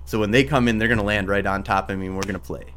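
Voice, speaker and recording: Guy hosting a gaming talk stream, excitable, swears, laughs a lot, casual. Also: fairly low pitch, racing, a little hiss or hum. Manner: excitable, swears, acts out his own reactions, laughs often. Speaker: host of a livestreamed gaming talk show reading chat. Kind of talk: casual chat.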